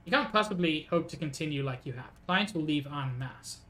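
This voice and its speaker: Man doing a smug scheming union boss, slow persuasive put-on accent, lower than his own voice. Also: animated, a bit bright. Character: scheming jovial middle-aged male union boss.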